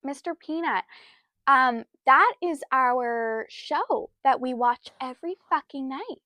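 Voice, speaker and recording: A young woman co-hosting a casual podcast, animated, laughing often and swearing freely. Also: high voice, slow pace, no echo. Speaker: podcast co-host. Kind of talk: casual chat.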